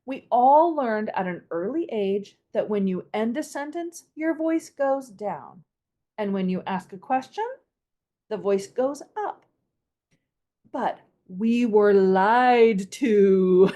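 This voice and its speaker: A woman's voice: medium pitch, lively intonation, slow, mellow. A woman voice coach hosting an instructional podcast, explaining and demonstrating vocal melody with a playful, laughing manner.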